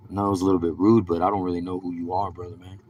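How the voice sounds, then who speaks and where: A man with a deep, low voice rambles through his stories in casual street slang, cursing freely as he goes. He talks to a live stream audience in a loose, wandering way, with a faint hiss behind him. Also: level tone, rapid-fire, a little mellow.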